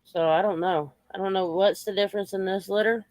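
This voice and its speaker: Woman vlogger, blunt and salty, mid-pitched, dry recording. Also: steady tone, a little fast, a little mellow, no room sound. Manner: coarse, chatty, scolds and coos at dogs. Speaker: vlogger talking to her dogs. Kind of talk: casual chat with pets. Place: home with dogs around.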